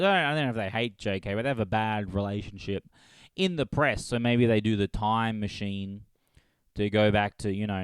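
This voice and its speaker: A man hosts a solo comedy podcast, rambling, swearing, and laughing at his own jokes. His voice is fairly low and smooth, in a dry recording.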